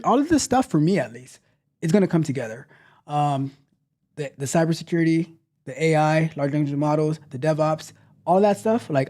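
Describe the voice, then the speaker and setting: A man's voice: on the high side, darkish tone. A man hosting a tech livestream in casual chat, playfully reading viewer comments aloud and teasing them, often repeating himself. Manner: repeats phrases, loose and chatty.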